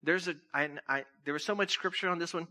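In a church, a male pastor delivers a conversational sermon, joking, laughing often and telling stories between scripture readings. His voice is fairly high, bright and forceful, and he talks fast.

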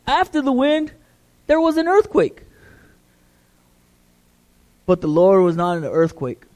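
A man's voice: high-pitched, big pitch swings, a little slow, a little mellow. A middle-aged man, a pastor, preaching a conversational sermon, repeating words as he builds emphasis.

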